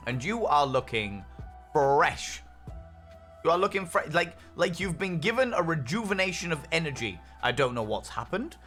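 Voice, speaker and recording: A man's voice: a little high, a bit bright. A man streaming a game, chatting casually with viewers, upbeat and swearing freely. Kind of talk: casual chat while reading viewer messages. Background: faint lo-fi music.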